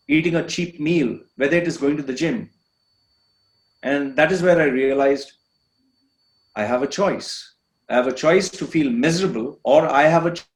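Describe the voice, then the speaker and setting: Male guest from India, earnest and emphatic storyteller, slightly high voice, roomy echo. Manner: earnest, repetitive, emphatic phrasing. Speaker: podcast guest. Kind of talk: candid personal storytelling. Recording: echoey room.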